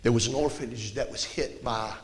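A man preaching a fiery revival sermon in a church, telling a story that swells into impassioned shouting. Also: medium pitch, steady tone, brisk, noisy background. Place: church sanctuary.

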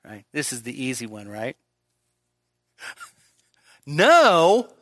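A man's voice: medium pitch, wildly swooping pitch, slow, a bit bright, no echo, clean studio sound. A man preaching an expository sermon in a church service, candid and self-deprecating, with joking asides. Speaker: pastor.

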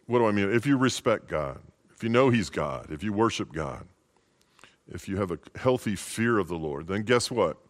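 A man's voice: fairly low pitch, expressive, normal speed. A male pastor giving a short, informal holiday sermon in a folksy, conversational way.

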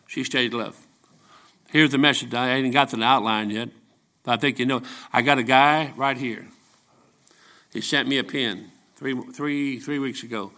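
An older man preaching a folksy, joking sermon full of stories, rising into shouted peaks. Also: medium pitch, moderate pace.

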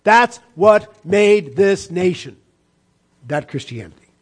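A man preaching a sermon, swinging from fervent shouts down to low, hushed lines. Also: lively intonation, slow. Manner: impassioned preaching, rising and dropping sharply. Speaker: pastor.

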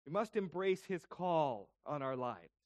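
High-voiced man preaching a sermon. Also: expressive, a little slow, a little mellow, no room sound, studio quality. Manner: explanatory, asks rhetorical questions. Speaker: pastor.

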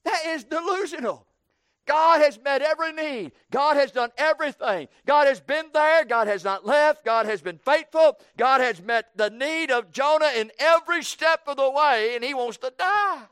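A man preaching a sermon, fervent and repetitive, swinging between soft passages and shouted lines. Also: very high-pitched, moderate pace, no echo, clean studio sound.

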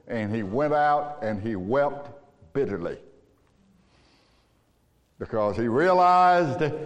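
A man preaching a sermon, telling a story with emphasis and swinging from hushed to loud. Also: fairly high pitch. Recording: long hall reverb.

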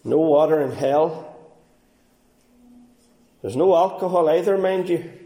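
A man preaching a fervent sermon as pastor, swinging between quiet and raised passages. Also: on the high side, slow pace, reverberant. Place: church.

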